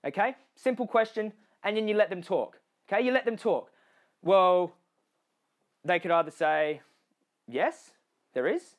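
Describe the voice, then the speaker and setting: At a moderate pace, a man with a high voice and an Australian accent motivates a crowd. He speaks to them directly, often asking "okay?" or saying "you know", and mimics other people's lines in altered voices.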